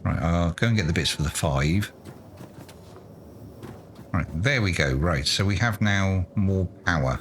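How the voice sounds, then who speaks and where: A man's voice: sits low, background noise. A man doing let's play commentary, muttering to himself in a self-mocking, exasperated way. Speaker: gaming YouTuber.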